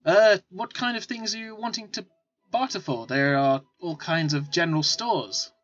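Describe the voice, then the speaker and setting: A man's voice: high-pitched, moderate pace, fairly bright tone. A man voicing a friendly, helpful male innkeeper who rambles through directions. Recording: dull lo-fi recording with faint music.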